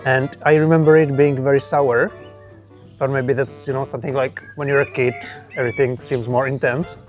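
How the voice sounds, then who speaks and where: A man co-hosting a homesteading vlog, chatting casually outdoors in a garden with dry, deadpan humor. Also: medium pitch, normal speed, soft background music. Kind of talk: casual chat.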